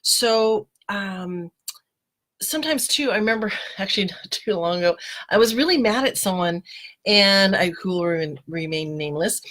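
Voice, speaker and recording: A woman's voice: medium pitch, expressive, moderate pace, fairly bright tone. A middle-aged woman hosting a casual live video show, chatty and laughing often as she greets viewers by name. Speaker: host of a live mindset show. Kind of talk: casual live-stream talk. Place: home, live video broadcast. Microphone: webcam or phone.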